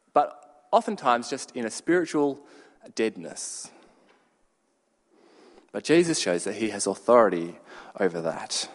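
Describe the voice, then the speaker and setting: Animated preacher in a reverberant hall. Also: male voice, mid-range voice. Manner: storytelling with shouted bursts and dramatic pauses. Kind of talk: sermon.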